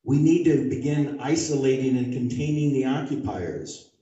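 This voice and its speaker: A man delivering a prepared statement at a community meeting, measured and deliberate, making forceful demands. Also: mid-range voice, lively intonation. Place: large community meeting hall. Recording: dull, echoey hall recorded from far off.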